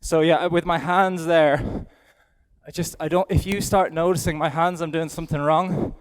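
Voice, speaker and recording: A man's voice: on the high side, steady tone, normal speed, clean tone. Irish man riding and talking, echoing arena. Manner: talks aloud while riding, chatty and self-deprecating. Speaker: event rider giving a riding demonstration. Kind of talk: live demonstration commentary. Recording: long hall reverb from an arena.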